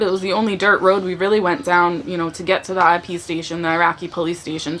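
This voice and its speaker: A woman's voice: lowish voice, pushed and bright, slight background noise. A woman who served in the army, giving an earnest, conversational personal testimony full of fillers and restarts.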